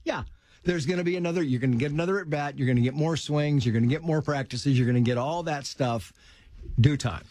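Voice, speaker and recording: A middle-aged man telling stories from his life in casual conversation, animated and quick to act out what people said. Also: on the high side, dry recording. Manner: animated storyteller who acts out quotes in a raised voice.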